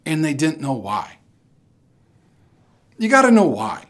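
A man's voice: a little high, huge pitch swings, slow. Pastor preaching, repeating his words. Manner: storytelling, often repeats words when starting a phrase; asks the listeners direct questions. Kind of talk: conversational sermon.

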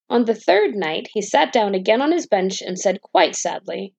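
A woman reads a bedtime fairy tale in a calm, even storyteller voice. Her tone has a gravelly fry at the edges. The recording sounds dull and lo-fi. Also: mid-range voice, normal speed, few pauses.

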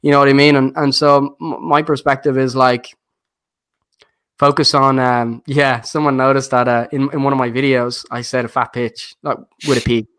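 A man's voice: medium pitch, flat delivery, moderate pace, fairly bright tone, clean tone. A man with a noticeable accent, a guest investor talking casually on a podcast in a rambling way, with many fillers and restarts. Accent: non-standard accent, noticed by viewers.

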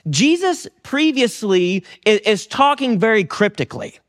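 High-voiced casual male pastor. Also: a little slow. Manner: conversational, relaxed with frequent fillers and restarts. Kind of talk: sermon.

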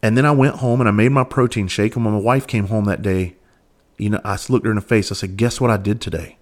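Low-voiced man, candid podcast talk. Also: steady tone, quick pace, a little mellow. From Southern United States. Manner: candid, earnest, swears freely. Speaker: podcast host. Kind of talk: casual storytelling monologue.

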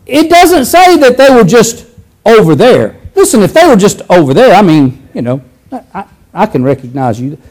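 Male preacher, conversational sermon, very high and lively voice, restarts often. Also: normal speed, poor audio. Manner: animated, conversational, acts out scenes, frequent restarts.

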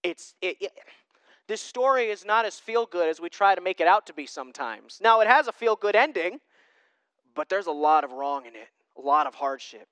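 A young man preaching a sermon as a pastor, conversational and self-deprecating, with lively asides. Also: high-pitched, moderate pace, smooth, no room sound.

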